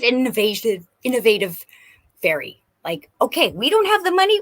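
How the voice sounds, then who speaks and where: A woman giving an effusive, excitable psychic reading on a live stream, often breaking into laughter. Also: mid-range voice. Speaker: psychic reader.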